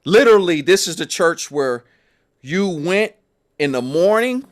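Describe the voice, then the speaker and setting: Casting note: gospel musician, male, higher register, lively and emphatic when recounting stories. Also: unhurried. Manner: animated, emphatic storyteller. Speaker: gospel musician and podcast guest. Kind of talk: personal storytelling in conversation.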